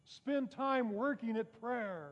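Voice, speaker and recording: A man with a high voice preaches in a church sanctuary, keeping it conversational with rhetorical questions and wry jokes at his own expense. The sound is somewhat muffled, and a long reverb trails behind him. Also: slow pace. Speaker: pastor. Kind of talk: sermon.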